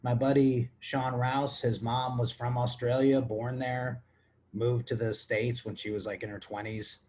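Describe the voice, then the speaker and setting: On his own podcast, a man from Texas fields listener questions drunk, crude, and rambling, in a casual, comedic monologue. He speaks at a measured pace in a level, medium-pitched voice with a darkish tone.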